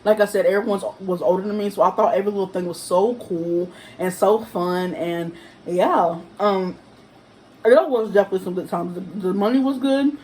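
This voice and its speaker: A young woman telling a casual storytime vlog to camera at home, acting out the quotes of the people in her story in a higher voice. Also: moderate pace, slight background noise, poor audio. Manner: animated, acts out quotes in a higher voice. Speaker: vlogger.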